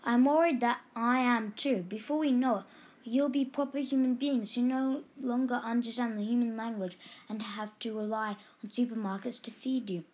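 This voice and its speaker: A woman's voice: on the high side, fairly even intonation, moderate pace, darkish tone, close to an everyday voice. A woman voicing a boisterous, homesick father hyena in a storybook reading, speaking emphatically. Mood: wistful.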